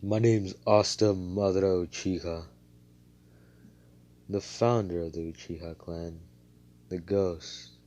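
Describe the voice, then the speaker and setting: A brash young hero voiced by a man in his own low voice, blunt and foul-mouthed, with a hotheaded edge. The tone is deep and dark, and the delivery is loose fan storytelling. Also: fairly even intonation, takes it slowly, long pauses. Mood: ranting. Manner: profane, blunt.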